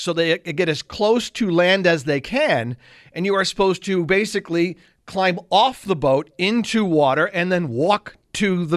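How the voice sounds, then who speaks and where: Man, sixties, high voice, self-mocking storyteller, casual radio chat. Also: fairly bright tone, no room sound, clean studio sound. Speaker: radio co-host.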